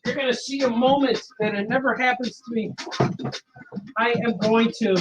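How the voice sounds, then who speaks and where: A man's voice: very high voice, steady tone, moderate pace, highs cut off, music in the background. A man, a cartoonist, chatting casually on a live stream while he draws, repeating himself as he works.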